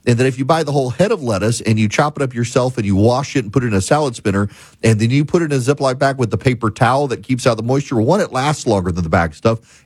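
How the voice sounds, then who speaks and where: A man's voice: medium pitch, breathy edge, no room sound. A middle-aged man hosting a talk radio show, telling stories emphatically and building to a punchline.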